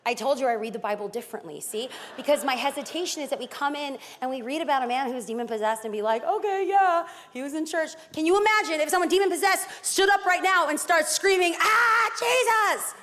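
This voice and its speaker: A woman's voice: sits high, quick pace, hardly any pauses, fairly bright tone. A woman pastor from East Los Angeles preaching a sermon, emphatic and dramatic with playful asides. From East Los Angeles, California. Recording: long hall reverb.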